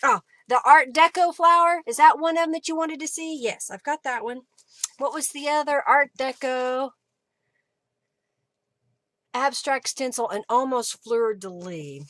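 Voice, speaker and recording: In a high-pitched, somewhat bright voice at a measured pace, a woman runs a live crafting stream from her home craft room, with no room sound audible. She rummages for supplies as she talks, rambling and thinking aloud in a casual, chatty demo style.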